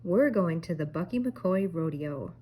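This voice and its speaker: A confident young cartoon heroine, breezy and coaxing, voiced close to the older woman's own low, mellow reading voice. It stays soft and warm, as in a read-aloud picture book. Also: expressive, measured pace, slight background noise.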